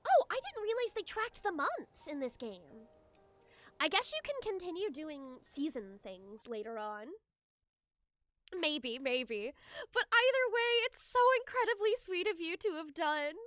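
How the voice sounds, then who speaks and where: A woman's voice: very high voice, big pitch swings, a little slow, a bit bright, no room sound. A young woman streaming a game, chatting casually with her viewers and giggling often as she gushes her thanks.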